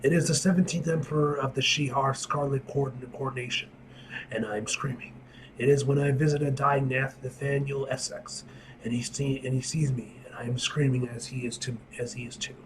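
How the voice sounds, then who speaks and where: A man reading aloud the lines of a cosmic woman reciting a vision, in a low, flat voice that stumbles over names. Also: brisk, slight background noise, close to an everyday voice, poor audio. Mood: solemn.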